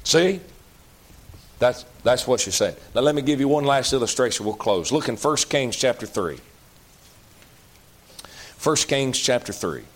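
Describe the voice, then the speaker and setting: A man preaching a sermon in a folksy, emphatic way, jumping to loud outbursts and dropping to low, slow asides. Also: expressive. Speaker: pastor.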